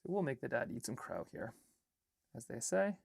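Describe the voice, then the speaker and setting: A man's voice: medium pitch, sing-song, normal speed, vocal fry, slightly rough, no room sound, clean studio sound. A young man from Alaska, an artist and filmmaker, chatting casually on a livestream while he rambles through edits and reads chat comments and draft lines aloud.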